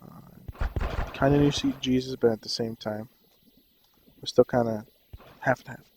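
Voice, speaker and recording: A young man tells a personal story in a loose, rambling way and keeps losing his thread. His voice sits in a middle pitch with a gravelly, creaky edge. A steady noise runs under the recording. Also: a little slow, poor audio. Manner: rambling, loses his train of thought. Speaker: vlogger.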